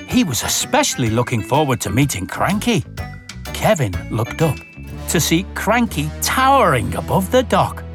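A woman reading a children's storybook aloud in an expressive, animated way. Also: sits low, moderate pace, music in the background.

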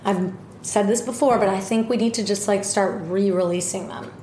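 A woman's voice: medium pitch, fairly even intonation, normal speed, warm tone. A woman co-hosts a podcast in easy, casual chat and tastes food between remarks. She speaks in a home kitchen. The room is echoey, with faint ambient noise underneath. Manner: chatty, eating while talking. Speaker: podcast co-host.

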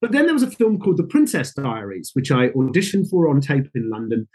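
Husky-voiced man telling showbiz stories. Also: mid-range voice, brisk, low-quality recording. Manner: animated, acts out quoted reactions. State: getting emotional. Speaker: guest. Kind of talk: casual storytelling interview.

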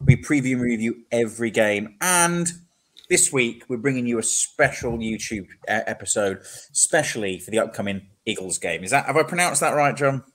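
A man's voice: mid-range voice, animated, moderate pace, fairly bright tone. A man hosting a casual sports podcast. He talks with energy and steers the discussion. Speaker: podcast host.

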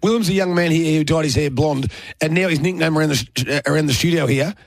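A man's voice: fairly high pitch, quick pace, vocal fry, no echo. Joking Australian radio host man. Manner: joking, rambling storyteller. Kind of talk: casual radio banter.

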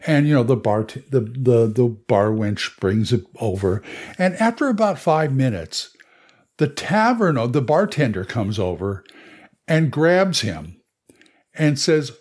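A man's voice: mid-range voice, expressive, slow. A man hosting a podcast, telling game stories in a casual, rambling monologue. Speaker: podcast host. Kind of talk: casual monologue on tabletop games.

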